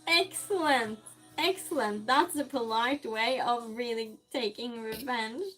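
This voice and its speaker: A woman's voice: on the high side, steady tone, unhurried, fairly bright tone, faint music behind. A woman streamer chatting casually while she cooks, reading viewer comments aloud and answering them with frequent laughs. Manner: laughs often, teases the chat. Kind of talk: casual chat while cooking.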